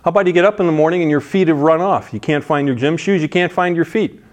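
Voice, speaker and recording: A man's voice: fairly high pitch, quick pace. Casual, emphatic male preacher. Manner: casual and emphatic, with frequent restarts and asides. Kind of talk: conversational sermon.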